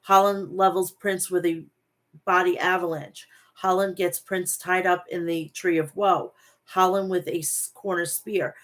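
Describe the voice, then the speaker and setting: A woman with a slightly low voice recaps wrestling matches in quick play-by-play. She moves briskly from move to move and often stops to correct herself mid-word. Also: little pitch movement, fairly bright tone. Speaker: wrestling show host.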